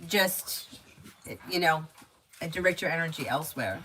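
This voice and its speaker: A woman's voice: low-pitched, measured pace, pushed and bright, slight background noise, poor audio. A woman giving tarot readings on a casual live stream, chatty and advice-giving, with lots of filler words. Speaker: tarot reader.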